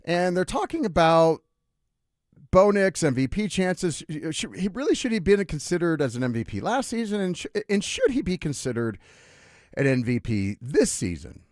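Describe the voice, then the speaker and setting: A male sports radio host telling stories in an animated, chatty way, full of asides. His pitch rises and falls a great deal, and the studio sound is dry and close to the mic. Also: normal speed, no room sound. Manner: animated storyteller, lively with asides. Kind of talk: casual radio storytelling.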